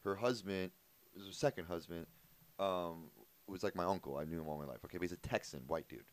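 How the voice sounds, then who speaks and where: A man's voice: low-pitched, fairly quick. A man co-hosting a podcast, telling stories in casual chat, swearing freely. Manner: animated storytelling, lots of fillers and swearing. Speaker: podcast co-host.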